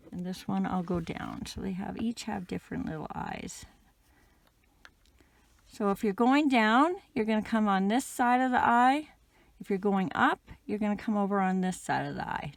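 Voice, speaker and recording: Gentle woman teaching crochet, dry sound. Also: mid-range voice, gravelly, no room sound. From Canada. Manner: gentle, patient, with fillers like "um". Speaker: crochet instructor. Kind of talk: casual step-by-step tutorial.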